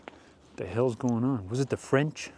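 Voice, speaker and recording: A man hosting a rambling commentary show, speaking with mocking deadpan sarcasm. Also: mid-range voice, measured pace, slight background noise. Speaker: commentary host.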